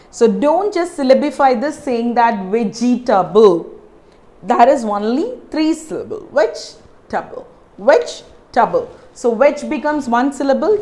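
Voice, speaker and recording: A woman with an Indian English accent teaching pronunciation, repeating words slowly and checking in with her viewers. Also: fairly high pitch, darkish tone. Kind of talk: pronunciation lesson.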